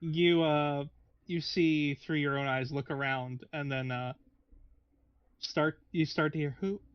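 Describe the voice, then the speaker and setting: A man's voice: fairly high pitch, level tone, slow pace, clean tone, dry recording, dull audio. A man narrating as game master of a tabletop game in a meandering, hesitant way. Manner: meandering, hesitant, frequent restarts.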